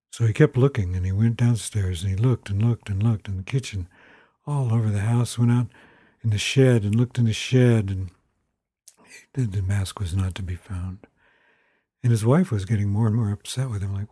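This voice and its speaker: A man's voice: lowish voice, normal speed, dark tone, slightly rough, dry recording, studio quality. A man telling a story aloud in an informal, rambling way. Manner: informal, rambling with fillers and restarts. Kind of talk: spoken storytelling.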